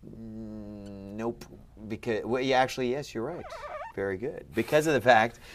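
Male teacher, low register, encouraging one-on-one quizzing. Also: normal speed, a little hiss or hum. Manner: patient, quizzing, upbeat. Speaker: Ancient Greek teacher. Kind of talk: one-on-one lesson.

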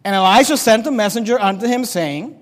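A pastor delivers an animated sermon in a very high voice, reading scripture and playing out its characters. His words ring through a church hall with a long reverb tail. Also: brisk. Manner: animated preaching, reads scripture aloud, acts out characters.

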